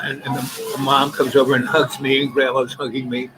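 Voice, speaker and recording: A man's voice: mid-range voice, level tone, poor audio. Man rambling a story over music. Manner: halting, many restarts and repeated words. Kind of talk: rambling personal anecdote. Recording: voice over clear background music.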